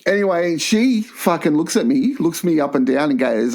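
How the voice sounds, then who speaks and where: Man, comedy podcast co-host, blunt, swearing, rambling stories, slightly high voice. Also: expressive, normal speed, a little mellow. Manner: profane, blunt, rambling anecdotes. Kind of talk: crude comedy storytelling.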